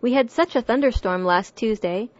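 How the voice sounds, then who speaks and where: A woman's voice: fairly high pitch, normal speed, dull audio, natural voice. A woman reading as the White Queen, muddled and fretful.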